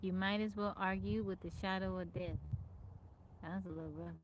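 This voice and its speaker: A woman's voice: medium pitch, steady tone, normal speed, a little hiss or hum. A woman hosting a casual livestream, reading out folksy old sayings and greeting viewers by name. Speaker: livestream host.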